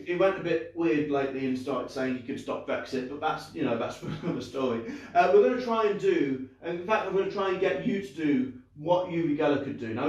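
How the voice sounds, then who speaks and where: A man's voice: on the high side, a little mellow, dull audio. A young man doing a live magic show for kids, chatty and upbeat, joking at his own expense with plenty of fillers and restarts. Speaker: children's entertainer and magician. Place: indoor room, live stream. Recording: very echoey room, far from the mic.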